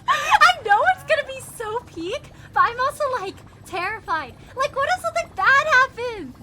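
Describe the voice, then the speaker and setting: Very high-pitched bubbly woman streamer. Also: wildly swooping pitch, moderate pace, background noise. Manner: bubbly, giggly, greets chat by name. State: voice still recovering from strain. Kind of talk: casual live-stream chat. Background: game music.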